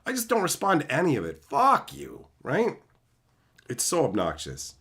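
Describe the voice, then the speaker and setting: A Canadian streamer in a profane, fired-up rant, his voice sitting a bit high and leaping around with lively swings. His tone is bright and sharp throughout. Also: moderate pace, gravelly, slightly rough. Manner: profane, ranting, animated. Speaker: YouTuber and streamer.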